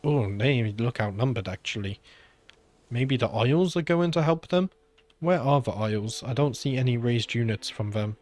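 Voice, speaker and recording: A man's voice: medium pitch, animated, normal speed, darkish tone. A man with a British accent giving casual let's-play commentary on a strategy game, musing aloud with frequent filler sounds and sounding slightly under the weather. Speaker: gaming channel host.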